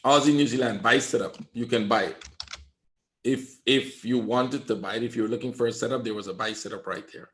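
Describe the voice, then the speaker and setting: A man's voice: mid-range voice, a little fast, fairly bright tone, reverberant. Blunt man coaching traders live. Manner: lecturing, blunt, repeats "right?". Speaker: trading coach. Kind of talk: live trading webinar.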